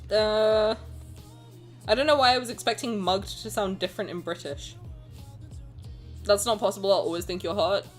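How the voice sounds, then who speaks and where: Soft music plays in the background as a young woman streamer reads chat aloud and chats casually with her audience, joking, swearing occasionally, and bantering playfully. Her medium-pitched voice is steady at normal speed, with long pauses.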